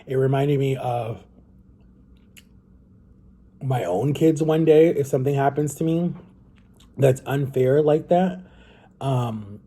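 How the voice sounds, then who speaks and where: A man's voice: mid-range voice, takes it slowly, long pauses, mellow, breathy edge. A young man talking casually to camera at home, earnest and rambling, often restarting his sentences. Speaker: vlogger.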